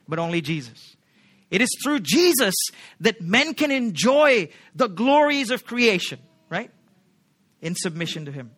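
High, bright-voiced male preacher. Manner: emphatic, asks the congregation rhetorical questions. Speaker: pastor. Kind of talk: sermon.

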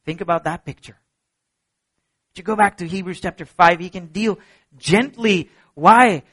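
Delivering a sermon at a normal pace, a middle-aged pastor with a husky voice is earnest and emphatic. His preaching moves from quiet, low stretches up to ringing high points.

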